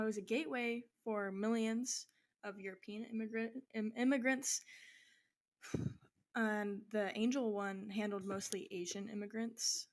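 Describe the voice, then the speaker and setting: A young woman giving a school history presentation, talking casually with many fillers and restarts. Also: medium pitch. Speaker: student presenter. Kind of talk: informal class presentation.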